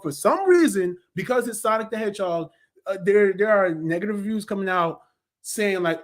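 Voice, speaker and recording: A high-pitched man in his thirties rants happily about a film he loved, loose and slangy. He jumps into sarcastic impressions of critics and cheering crowds, then settles back into easy, rambling chat. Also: brisk. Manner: animated, slangy, acts out crowds and critics in mocking voices. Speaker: movie reviewer. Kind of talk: casual review talk.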